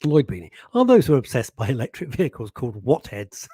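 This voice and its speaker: A man hosts a casual radio show, teasing listeners and laughing easily. His voice is mellow and a little husky, with lots of rise and fall. The studio sound is close and dry. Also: mid-range voice, very animated, fast talker, no room sound.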